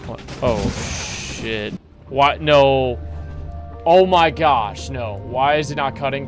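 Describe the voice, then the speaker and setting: A young man commentating and narrating a horror game, excitable and slangy, swearing often. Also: medium pitch, slow pace, over music. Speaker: gaming YouTuber.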